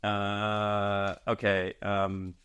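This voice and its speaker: A man's voice: on the low side, monotone, drawn-out words, a bit bright, clear, resonant tone. A man hosting a podcast, chatting casually with a guest in a playful, teasing way and laughing often. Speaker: podcast host. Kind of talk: casual interview chat.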